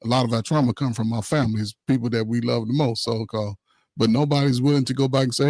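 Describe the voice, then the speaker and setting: A man talking casually on a discussion panel, telling stories in a loud, animated way with swearing and laughs. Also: mid-range voice, fast, dry recording. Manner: animated storytelling with profanity and laughs.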